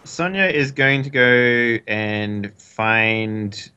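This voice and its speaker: A man's voice: mid-range voice, drawn-out words, sharp tone, clear, resonant tone, muffled recording. A man playing in a tabletop game, hesitant and laughing as he describes moves. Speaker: player. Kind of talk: tabletop role-play chat.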